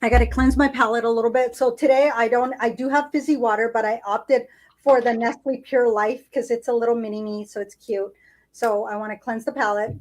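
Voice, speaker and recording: A woman's voice: a little high, steady tone, fairly quick, a little mellow, rough recording. A woman co-hosting a podcast, chatting casually and savoring food as she tastes it aloud. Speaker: podcast co-host. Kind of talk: casual food-tasting chat.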